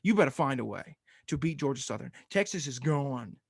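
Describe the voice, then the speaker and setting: A man's voice: mid-range voice, lively intonation, brisk, vocal fry, slightly rough, no room sound, studio quality. A man co-hosting a casual sports podcast, ranting with energy and laughing often. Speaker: podcast co-host.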